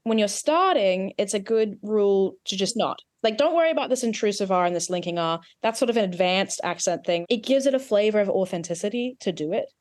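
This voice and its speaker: A woman's voice: mid-range voice, animated, fairly quick, few pauses, a little mellow, dry recording, clean studio sound. A woman dialect coach giving an accent lesson, explaining mouth positions patiently and in technical detail.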